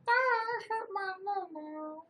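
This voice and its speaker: A man voicing his imagined little daughter, crying and whining in a high, squeaky voice. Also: slow pace, bright, forceful tone, recorded from a distance, full character voice. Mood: whiny, tearful. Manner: tearful, high squeaky whine. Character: crying little girl, small daughter, hurt and whiny.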